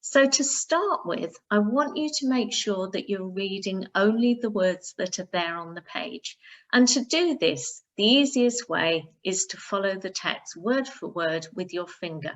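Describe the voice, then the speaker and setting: Slow, careful woman teacher. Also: medium pitch, animated. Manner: slow, careful, instructive, sounding out words. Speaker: primary school teacher. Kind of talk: recorded reading lesson for pupils.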